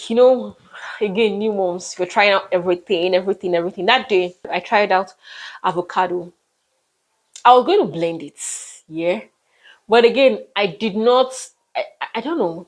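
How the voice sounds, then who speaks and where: A young Nigerian woman with a Nigerian accent, telling a personal story to her vlog viewers in an emphatic way, often repeating words. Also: mid-range voice. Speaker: vlogger.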